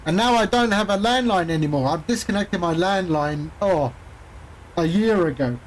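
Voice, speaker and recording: Male streamer, high voice, casual rambling storyteller with chuckles. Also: animated, normal speed, slight background noise, low-quality recording. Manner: rambling storyteller, chuckles often, acts out callers. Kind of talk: casual chat while streaming a flight sim.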